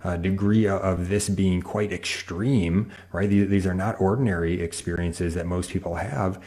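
A male interview host who speaks in a measured, explanatory way to his viewers. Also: deep voice, steady tone, mellow. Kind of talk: interview hosting.

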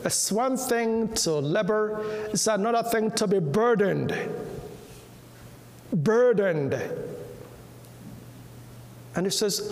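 A man preaching a sermon slowly and emphatically, repeating key words and dropping to a hush at times. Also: high-pitched, slight background noise. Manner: softens to a hush when quoting. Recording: echoey hall reverb.

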